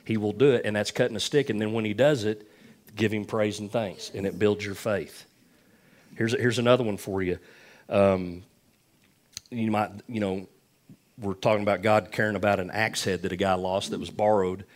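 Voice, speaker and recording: Male pastor, middle-aged, lowish voice, folksy repetitive sermon storytelling. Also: steady tone, normal speed.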